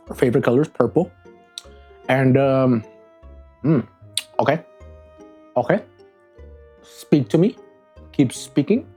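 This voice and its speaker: Speaking with a medium pitch and warm tone, a vlogger rambles playfully through a crayon taste test on new desk microphones. He talks dramatically to the crayons, chatting away and frequently tripping over words and starting again.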